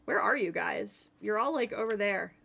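A woman streaming a game live, chatting playfully with viewers and teammates, excitable and given to yelling. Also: medium pitch, moderate pace, vocal fry, breathy edge. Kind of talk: casual live-stream chat while playing.

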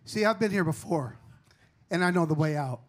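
A man voicing a calm, reassuring older brother as the punchline of a joke. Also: fairly high pitch, moderate pace, pitched below the performer's own voice, lightly acted.

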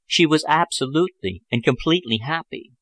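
A man narrating a novel chapter as an audiobook, in a measured, even storytelling manner. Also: on the high side. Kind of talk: scripted narration.

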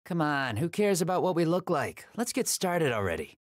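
A woman's voice: sits low, sing-song, normal speed, no echo, studio quality. A woman voicing a laid-back, sardonic teenage boy ninja in a game cutscene, blunt and unbothered. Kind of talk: video game cutscene dub.

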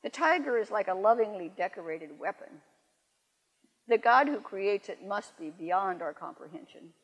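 An older woman poet giving a lecture, reading verse slowly and adding wry, self-correcting asides. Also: mid-range voice, lively intonation. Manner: measured, slows down to read verse aloud. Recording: long reverb in a hall.

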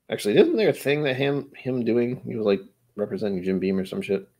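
A man's voice: medium pitch, expressive, a little fast, warm tone. An American man in his forties hosting a casual livestream chat, rambling and joking with frequent chuckles. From United States. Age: 40s. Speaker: livestream host.

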